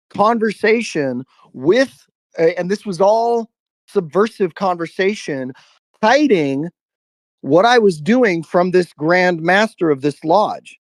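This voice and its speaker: A man telling a personal story on a live stream about shadow work, speaking emphatically with profanity and long pauses. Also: sits high, animated, no room sound. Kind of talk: intense personal storytelling to a listener.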